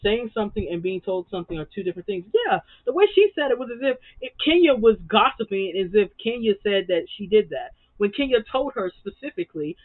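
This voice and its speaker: A man's voice: sits high, sing-song, fairly quick, few pauses, no room sound. A man giving a casual, sassy reality TV recap, full of slang and repeated words for emphasis. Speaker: TV recap vlogger. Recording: dry tinny phone-like sound.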